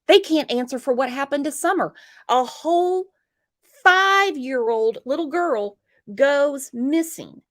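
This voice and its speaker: Her voice sits high and her pace is measured as she hosts a true crime livestream. The woman chats casually with a guest, sounding animated, and reads viewer comments out loud.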